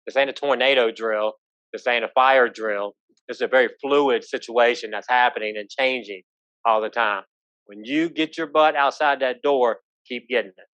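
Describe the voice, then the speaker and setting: A man's voice: mid-range voice, fairly bright tone, no room sound. A man runs a live safety training, folksy and full of stories, keeps asking the room "right?" along the way. The sound is dry and a bit dull, like a lo-fi recording. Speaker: police trainer.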